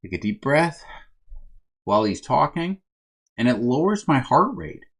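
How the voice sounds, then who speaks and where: A man's voice: medium pitch, sing-song, unhurried, a bit bright, husky. Man coaching in a conversational self-help talk. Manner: conversational, keeps checking in with "right?"; addresses listeners as "my friends". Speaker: first responder wellness coach.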